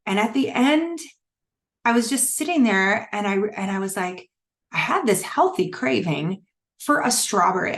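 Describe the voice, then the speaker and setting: A woman's voice: mid-range voice, fairly bright tone. A middle-aged woman coaching a wellness challenge, talking candidly and casually with many fillers and restarts. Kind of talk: casual teaching talk.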